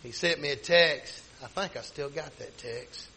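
A man's voice: on the high side, a little slow, creaky, bright, forceful tone, a little hiss or hum, poor audio. A middle-aged man, a pastor telling a personal story in a rambling, folksy sermon style. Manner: folksy, rambling with many restarts.

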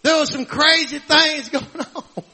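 Male preacher, very high and piercingly bright voice, fervent shouted sermon full of amens. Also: steady tone, unhurried.

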